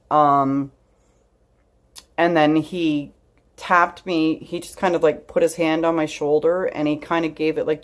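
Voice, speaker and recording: A woman vlogger telling a personal story straight to camera in a candid, chatty way, swearing freely and laughing through tears. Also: deep voice. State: tearful.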